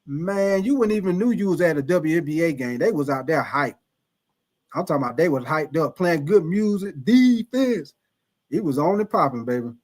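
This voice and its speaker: High-voiced man, laid-back stream host. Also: expressive, moderate pace, a little mellow. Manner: laid-back, loose slang, laughs often. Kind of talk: casual live stream chat reading viewer comments.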